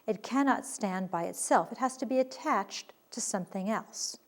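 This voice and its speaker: A woman teaching a recorded grammar lesson, explaining clearly and deliberately and reading her examples with emphasis. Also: on the high side.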